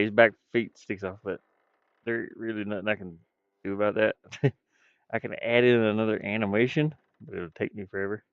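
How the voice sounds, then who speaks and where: A man's voice: on the low side, fairly quick, no echo, muffled recording. A man with a stuffy nose chatting casually on a live stream while he builds a game, rambling and talking to himself. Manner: rambling, self-talking, chuckles often. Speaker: indie game developer streaming.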